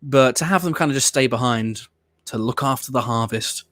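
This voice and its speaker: A man's voice: medium pitch, normal speed, fairly bright tone, dry recording. A man hosting a watch-along show, chatting casually and rambling with blunt opinions and the odd swear word. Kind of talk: casual reaction commentary.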